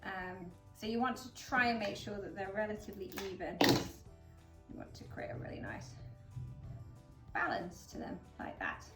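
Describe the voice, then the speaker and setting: A woman's voice: medium pitch, normal speed, pauses often. Chatty woman in an echoey room. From England. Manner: chatty, upbeat, explaining with many fillers. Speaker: florist host. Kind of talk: casual flower-arranging demonstration. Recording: roomy echo, mic at a distance, faint background music.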